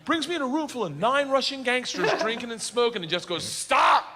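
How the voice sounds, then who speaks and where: A man doing stand-up storytelling, animated and acting out other characters, shouting his punchlines. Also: very high voice, fast talker. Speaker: stand-up comedian. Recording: stand-up special with background noise.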